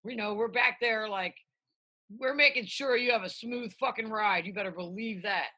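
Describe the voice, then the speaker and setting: Woman, middle-aged chef, husky, bright tone, profane animated storytelling, video call. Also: a little high, normal speed. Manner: profane, animated storytelling, acts out shouted quotes. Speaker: chef, interview guest. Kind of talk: casual interview chat.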